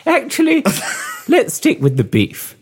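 A man's voice: huge pitch swings, takes it slowly, heavily acted. A man doing a fussy, dithering lady diner. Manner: high, dithering, prim. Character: fussy indecisive young woman diner.

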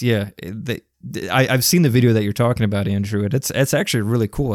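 A man's voice: on the low side, a little mellow, dry recording, clean studio sound. A man co-hosting a casual chat, enthusiastic and rambling, with casual slang. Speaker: podcast co-host. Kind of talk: casual chat about video games.

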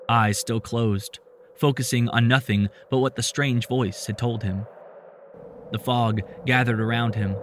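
A man reading a story aloud in a steady, measured narration. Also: medium pitch, noisy background.

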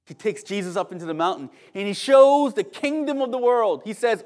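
A male pastor preaching a sermon in an animated, conversational storytelling manner with humorous asides. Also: high-pitched, a little fast, hardly any pauses.

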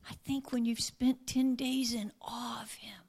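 A woman preaching a sermon earnestly, often dropping to a hushed near-whisper. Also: a little high, steady tone, a little slow, creaky, breathy edge.

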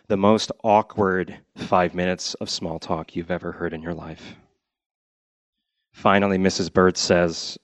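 Telling a story from his childhood in front of a live audience, a Connecticut man keeps a wry, deadpan tone and voices his family members' quotes. His voice is low-pitched and measured, in a dry, muffled recording.

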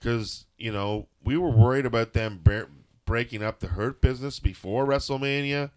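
A man's voice: mid-range voice, moderate pace, smooth. A man co-hosting a podcast, giving a rambling, jokey wrestling recap in casual chat. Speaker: podcast co-host.

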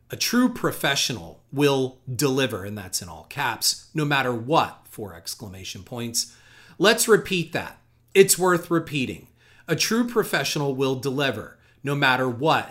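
Animated man reading quotes aloud. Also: medium pitch. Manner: animated, emphatic reading with sarcastic asides. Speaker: podcast host.

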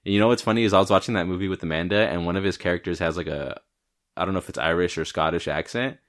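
A man's voice: deep voice, fairly even intonation, racing, a bit bright. A young man co-hosting a podcast, chatting casually about movies, rambling and swearing with a joking tone. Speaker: podcast co-host. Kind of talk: casual chat.

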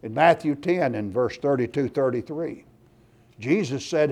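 A man's voice: medium pitch, a little slow, creaky. A man preaching a sermon, reading scripture aloud and pressing his points with emphasis. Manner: emphatic, rising loud on scripture and lists.

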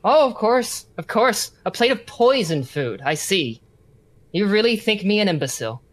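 A man's voice: sits high, animated, a little fast, bright, forceful tone, pitched above the performer's own voice. A man voicing a haughty, sneering captive officer. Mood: scornful. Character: scornful captive male officer, defiant.

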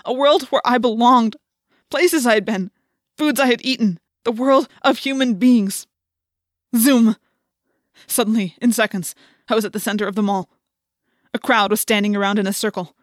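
A woman's voice: on the high side, moderate pace, no echo, clean studio sound. Dramatic woman narrating an audiobook. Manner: dramatic, intense first-person storytelling. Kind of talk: scripted first-person audiobook narration.

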